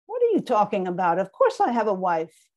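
A woman's voice: mid-range voice, huge pitch swings, a little fast, darkish tone. Woman reading as an insistent confused old father. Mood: agitated. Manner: insistent, agitated.

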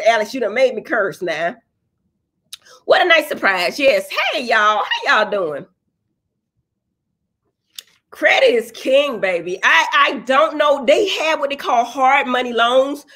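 Woman, high voice, blunt, cussing, preachy livestream chat. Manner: blunt, profane, preachy and animated. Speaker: livestream host answering viewer comments.

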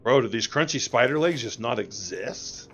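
A man's voice: medium pitch, animated, normal speed, fairly bright tone, faint music behind. A young adult man streaming a game live, rambling and joking with his chat as he plays. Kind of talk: casual live-stream gameplay commentary.

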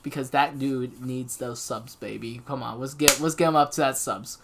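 A woman hosting a gaming channel, giving let's-play commentary as she talks to herself and yells at the game. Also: extremely low pitch, steady tone, normal speed, noisy background. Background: game music.

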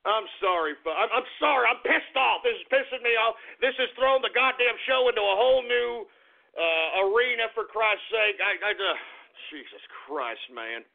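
A male radio host rants on air, swearing and repeating himself over and over. His voice sits high and comes out raspy and gravelly. The broadcast sounds thin and tinny, like a phone line. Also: moderate pace. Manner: cursing, exasperated, repeats himself. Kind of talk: angry on-air rant.

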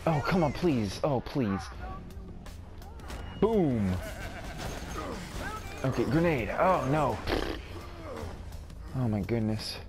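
Easygoing man narrating his gameplay. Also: mid-range voice. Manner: chatty, self-deprecating, mild exclamations. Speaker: gaming video host. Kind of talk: casual let's-play commentary.

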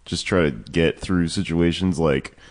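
A man's voice: low voice, measured pace. A man co-hosting a comedy podcast, laid-back and laughing along with wry asides. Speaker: podcast co-host. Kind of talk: casual comedic chat.

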